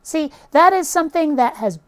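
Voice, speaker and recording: A woman's voice: sits high, expressive, moderate pace. A middle-aged woman from Vermont, speaking mostly general American with a faint Vermont accent, chatting casually to camera at home in a chatty, self-mocking way and swearing offhandedly. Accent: mostly general American with a faint Vermont trace. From Vermont, USA. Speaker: YouTuber. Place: at home with cats on her lap.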